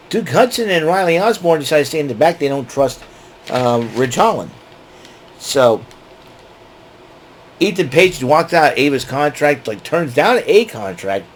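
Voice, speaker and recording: A man's voice: mid-range voice, a little hiss or hum, rough recording. A man giving a casual, rambling recap as host, with many fillers and restarts. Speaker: wrestling show recap host.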